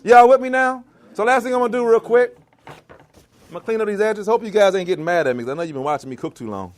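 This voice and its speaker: A man's voice: sits high, rapid-fire. A man giving a vegan cooking demonstration to a live audience, calling out to the crowd like a preacher. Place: church hall kitchen.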